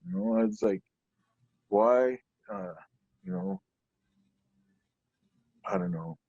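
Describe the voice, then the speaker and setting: A man's voice: on the low side, sing-song, slow pace, vocal fry, mellow, husky, no echo. A stand-up comedian from Portland, Oregon, a man telling stories in a loose, rambling way, full of "you know". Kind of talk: conversational storytelling. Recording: dull lo-fi recording, dry.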